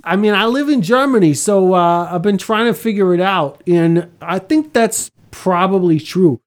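A man's voice: high-pitched, moderate pace. A man in casual conversation, laid-back, laughing often and swearing freely. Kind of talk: casual podcast chat.

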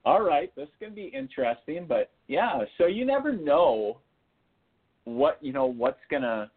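A man, a spiritual medium, telling funny stories on a talk show in a lively, laughing way. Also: on the high side, moderate pace, vocal fry, husky. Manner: animated, laughing anecdotes with acted-out quotes. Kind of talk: casual storytelling on a call-in show. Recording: phone-line audio.

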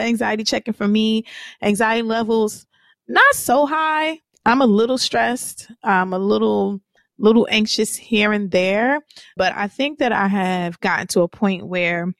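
A woman's voice: mid-range voice, creaky, no echo, clean studio sound. Chatty rambling woman podcast host. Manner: chatty, rambling, warm slang with listeners; guides slow breathing exercises. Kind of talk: casual podcast chat.

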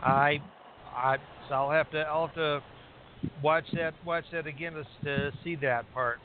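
A man's voice: a little high, fairly even intonation, unhurried. A man co-hosting a wrestling talk show, chatting casually and rambling with many restarts and fillers. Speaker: podcast co-host recapping wrestling. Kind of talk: casual chat. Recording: tinny phone line with faint hiss.

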